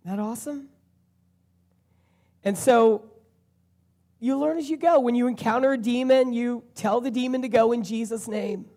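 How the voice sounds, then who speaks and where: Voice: mid-range voice, normal speed, pauses often, mellow. A preacher giving an earnest sermon and repeating key phrases for emphasis.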